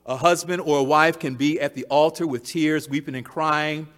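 A man preaching a sermon, repeating key phrases for emphasis and swinging from loud declarations to hushed, low passages. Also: fairly even intonation, moderate pace.

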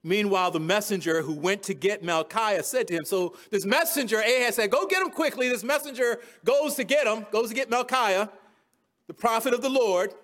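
A man with a notably high voice delivers a sermon, walking his listeners through a scripture passage verse by verse. He retells the story in casual, modern words and laughs along at his own humor. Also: normal speed, a bit bright. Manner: chuckles at his own jokes. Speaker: preacher. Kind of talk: expository sermon.

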